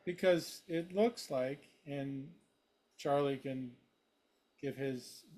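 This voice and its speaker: A man's voice: mid-range voice, slow pace, darkish tone. A man in an online class who gives a classmate feedback, hesitating and searching for his words. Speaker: class participant.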